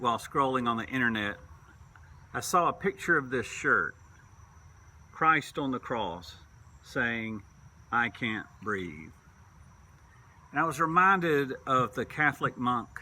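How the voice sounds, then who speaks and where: A man who is a minister, preaching a sermon in a slow, measured way with long pauses. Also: medium pitch, sharp tone, a little hiss or hum. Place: church sanctuary.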